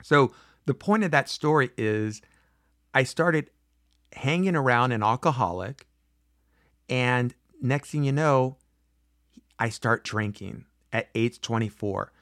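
A man in his forties tells a personal story in a loose, chatty way. He acts out the other people's lines and restarts his sentences often. His voice sits at an ordinary middle pitch and sounds dry and close to the mic. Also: slow pace, long pauses, no echo. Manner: animated, acts out quoted voices, frequent fillers and restarts. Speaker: speaker telling a personal story. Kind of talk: casual storytelling monologue.

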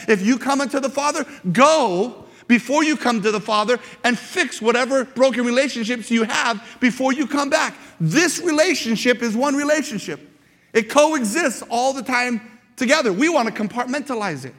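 A high-pitched man delivering a lively church sermon, often repeating words and restarting phrases as he drives his point home. His voice rings out through a large sanctuary with a long, trailing reverb. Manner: animated, repeats words, acts out quoted shouts. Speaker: pastor.

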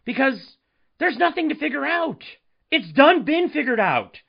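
A man's voice: very high-pitched, a little slow, gravelly, lo-fi sound. Exasperated man ranting on a podcast. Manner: animated, exasperated ranting with rhetorical questions. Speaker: podcast host. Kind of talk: solo sports commentary podcast.

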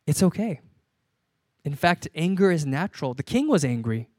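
A man's voice: fairly high pitch, big pitch swings, normal speed, dry recording. A man in his thirties, a pastor preaching a conversational sermon and repeating key lines for emphasis.

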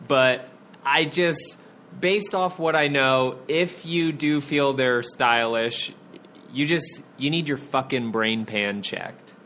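A man's voice: mid-range voice, takes it slowly, bright, forceful tone, a little hiss or hum. A man co-hosting a casual podcast, blunt and opinionated, laughing often. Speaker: podcast co-host.

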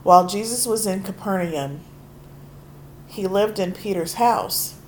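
Hoarse woman preaching, slow and earnest. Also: mid-range voice, a little hiss or hum. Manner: earnest, conversational, reads scripture aloud with emphasis. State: hoarse from allergies. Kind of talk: sermon.

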